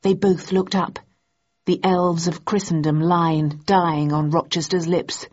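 A woman reading a novel aloud as audiobook narrator, in steady, measured narration. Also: lowish voice. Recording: slightly dull lo-fi audio.

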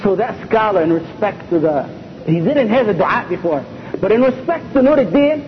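A man's voice: high voice, lively intonation, normal speed. A man preaching a sermon with speech, telling stories animatedly and repeating phrases for emphasis. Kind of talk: sermon storytelling. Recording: dull lo-fi lecture recording with faint hiss.

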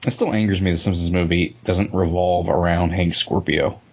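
A man's voice: low voice, fairly even intonation, moderate pace, darkish tone, slightly rough, highs cut off. A man co-hosting a casual podcast chat, ranting with lots of swearing and frequent laughter. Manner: profane, ranting, laughs often. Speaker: podcast co-host.

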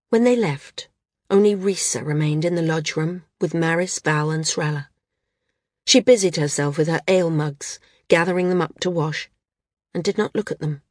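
A woman narrating a novel audiobook in a steady storytelling manner. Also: low voice, moderate pace, no echo, clean studio sound. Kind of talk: scripted narration.

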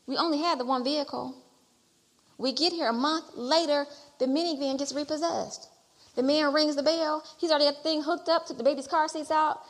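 A middle-aged woman preaching a sermon and telling her own testimony. She repeats phrases as she builds toward loud exhortation. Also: high voice, fairly even intonation, fairly quick. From Detroit area. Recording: long hall reverb.

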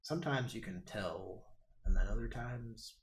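A man's voice: on the low side, unhurried. A man hosting a live show, chatting casually with crude jokes and banter. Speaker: podcast host. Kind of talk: casual live-stream chat.

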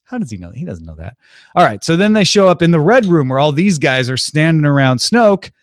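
A man's voice: a little high, sing-song, no echo. Breezy, jokey man with a dry close sound. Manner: breezy, jokey, slips into quick impressions of characters. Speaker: podcast host recapping a film. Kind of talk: casual recap.

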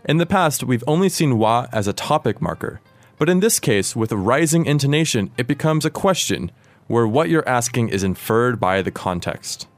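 A man's voice: medium pitch, expressive, normal speed, dry recording, soft background music. An American man who speaks English natively, hosting a language lesson and patiently explaining Japanese grammar. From United States. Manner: patient, clear explanatory teaching. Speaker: language course host.

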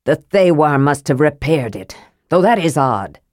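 Stern dwarf commander, terse and deep-set, storybook role, as a woman narrator plays him. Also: very animated, unhurried, darkish tone, no room sound, clean studio sound. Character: stern male dwarf leader.

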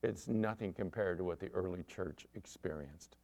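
A middle-aged man, a pastor, preaching a sermon with animated storytelling and acted-out quotes. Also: low-pitched, normal speed, creaky.

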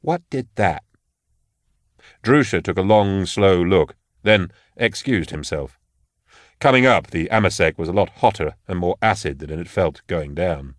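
A man narrating an audiobook in a measured, steady way. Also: sits low, no room sound, clean studio sound. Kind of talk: scripted narration.

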